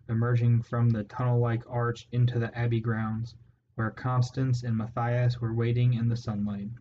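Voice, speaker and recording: A man giving measured, steady narration of a storybook. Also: medium pitch. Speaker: audiobook narrator. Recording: dull lo-fi audio, faint hiss.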